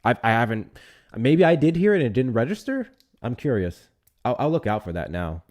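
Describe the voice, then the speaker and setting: A man's voice: mid-range voice, big pitch swings, a little fast, a little mellow. A man hosting a casual livestream, talking with a teasing, sarcastic and profane manner. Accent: Texan. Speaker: livestream host.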